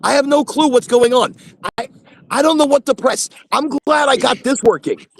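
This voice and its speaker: A man's voice: very high voice, moderate pace, creaky, slight background noise. A man hosting a casual live chat from his phone in his truck, rambling and repeating himself. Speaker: host.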